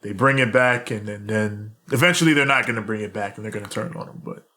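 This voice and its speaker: A man's voice: on the low side, fast. Laughing man recapping wrestling. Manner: laughs often, animated retelling with quoted lines. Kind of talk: casual podcast chat.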